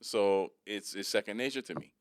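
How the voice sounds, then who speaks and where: Laid-back caribbean-born guy cohosting a podcast, smooth clear voice, dry sound. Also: lowish voice, moderate pace, dry recording. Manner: easygoing, laughs often, restarts phrases. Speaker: podcast co-host. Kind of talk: casual podcast chat.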